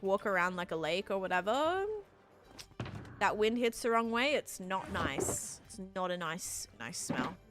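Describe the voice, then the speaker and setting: A woman's voice: on the low side, fairly bright tone. A woman from Sydney with an Australian accent, chatting casually with viewers during a game stream and answering chat in a rambling way.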